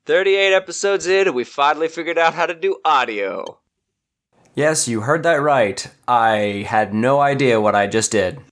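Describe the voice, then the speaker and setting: A man's voice: medium pitch, moderate pace, fairly bright tone. A man acting as game master, tired and joking as he narrates the game casually.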